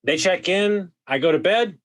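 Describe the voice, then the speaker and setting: A man telling a wild story as a podcast guest, animated, swearing freely and full of "like" fillers. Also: high-pitched, moderate pace. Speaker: guest, vacation rental host. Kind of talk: casual storytelling.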